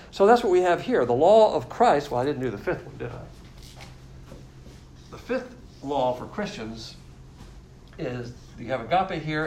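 A man's voice: mid-range voice, gravelly, darkish tone, a little hiss or hum, poor audio. Man teaching a Bible lesson, repeating points. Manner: explanatory, repeats key points. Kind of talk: teaching sermon.

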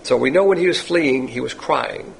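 A man's voice: medium pitch, moderate pace, vocal fry, poor audio. A man giving a folksy, conversational Bible teaching, repeating himself and wandering into asides. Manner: folksy, repetitive, digressive storytelling.

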